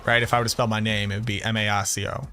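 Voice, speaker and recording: A man with a Boston accent chatting casually on a game stream, telling animated stories and swearing freely. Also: lowish voice, very fast, soft background music. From Boston area, USA. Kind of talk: casual live-stream chat.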